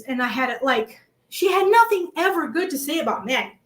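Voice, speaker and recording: A woman with a Massachusetts accent chatting about a true-crime case, animated and worked up, swearing at times. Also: high-pitched, a little fast. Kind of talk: casual true-crime chat.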